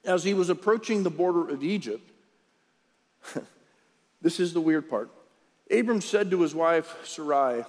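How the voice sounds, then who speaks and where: A male pastor preaching a relaxed, conversational sermon, pausing to joke with his congregation between stretches of scripture reading. His voice sits a little high for a man, and it rings out with a long reverb through a large church hall. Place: church service.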